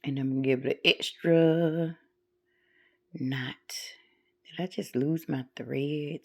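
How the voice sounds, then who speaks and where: Low-voiced, unhurried woman narrating a craft tutorial. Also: vocal fry. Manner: chatty, talks herself through each step. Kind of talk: casual how-to narration.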